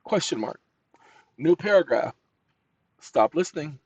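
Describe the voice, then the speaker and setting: A man's voice: on the high side, unhurried, slightly rough, no room sound, low-quality recording. Man scolding and dictating, dry close sound. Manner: animated, scolding, commanding interjections; folksy, addresses audience as y'all. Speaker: channel host. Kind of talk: talking to viewers while dictating to a voice assistant.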